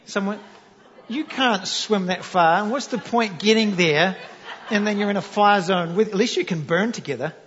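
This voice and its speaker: A man's voice: sits high, moderate pace, some chatter behind. A man from New Zealand with a New Zealand accent, preaching a sermon as a pastor in a joking storytelling manner and putting questions to the audience. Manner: animated, jokey, asks the audience questions. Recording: echoey hall, dull lo-fi sound.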